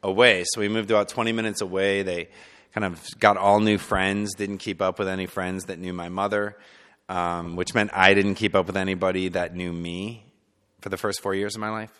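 A man telling a story from his childhood in a loose, conversational way, full of fillers, sometimes soft and sometimes emphatic. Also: low voice, flat delivery, moderate pace, smooth. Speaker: speaker sharing personal testimony. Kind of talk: personal storytelling talk. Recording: long hall reverb.

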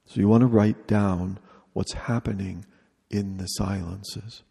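A man with a dark, mellow, gravelly voice leads a retreat talk in a large hall. He speaks slowly and deliberately and repeats short phrases. The sound carries a long reverb from the room. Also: on the low side, steady tone. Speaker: retreat leader.

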